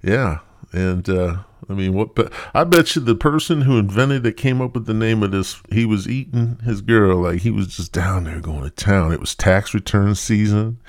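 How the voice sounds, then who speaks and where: A man's voice: fairly low pitch, normal speed, no echo, clean studio sound. A man hosting a podcast, delivering a crude, rambling comedic monologue. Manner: rambling, profane. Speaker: podcast host.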